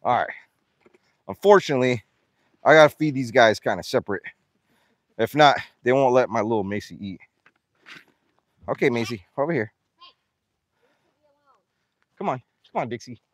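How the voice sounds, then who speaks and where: A man vlogging outdoors while feeding his farm animals, excitable and out of breath, laughing and talking to the animals as he goes. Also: medium pitch, moderate pace, long pauses, no echo.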